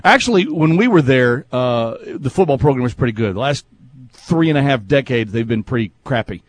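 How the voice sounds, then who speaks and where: A man's voice: medium pitch, lively intonation, a little fast, no echo. A man in his fifties from Texas hosting a sports radio show, chatting casually and laughing often.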